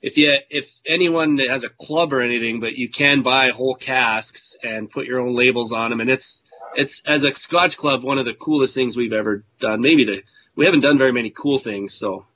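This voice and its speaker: Rambling bright-voiced man on a call. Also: mid-range voice, normal speed, dull audio. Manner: rambling storyteller, self-correcting. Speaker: whisky club member. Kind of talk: casual chat.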